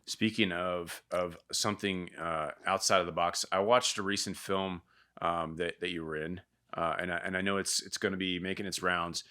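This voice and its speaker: A male podcast host with a bright, forceful tone sitting on a lowish pitch. He talks eagerly in a casual interview and keeps affirming his guest. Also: steady tone, normal speed, clear, resonant tone.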